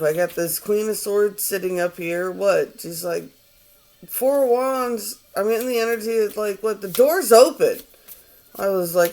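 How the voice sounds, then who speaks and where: A man's voice: high voice, unhurried, darkish tone. A man in his forties giving a casual tarot reading, rambling, swearing and sounding exasperated. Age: 40s. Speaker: tarot reader.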